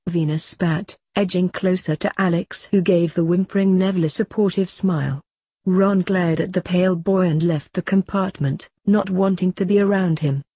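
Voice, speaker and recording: A woman reading fanfiction aloud in a steady, even storybook manner. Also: fairly low pitch, moderate pace, dry recording, clean studio sound. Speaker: fanfiction reader.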